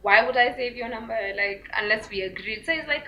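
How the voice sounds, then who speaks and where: A young woman telling a storytime to her vlog viewers, full of fillers and likes, acting out quotes in a high squeaky voice. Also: a little fast, few pauses, sharp tone. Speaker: vlogger. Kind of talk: casual storytime chat. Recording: dull lo-fi recording.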